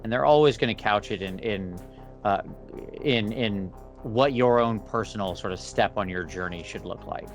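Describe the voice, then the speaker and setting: A man talking as a guest on a casual interview podcast, thoughtful and measured. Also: fairly low pitch, faint music behind. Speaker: podcast guest, miniature painter.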